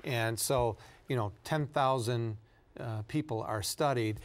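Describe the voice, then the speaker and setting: Male doctor guest, measured, halting explanations, mid pitch. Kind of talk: answering questions on a talk show.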